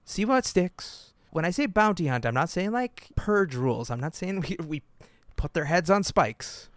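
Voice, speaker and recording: A man co-hosting a podcast, telling stories in an animated, joking way and laughing often. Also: high voice, normal speed, dry recording. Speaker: podcast co-host. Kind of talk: casual podcast chat.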